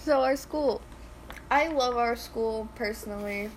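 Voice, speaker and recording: Teen girl cohosting a podcast, kinda high voice, laughs a lot, bit of hiss behind. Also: low-quality recording. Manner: giggly, loud, quick to tease. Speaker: podcast co-host. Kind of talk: casual chat.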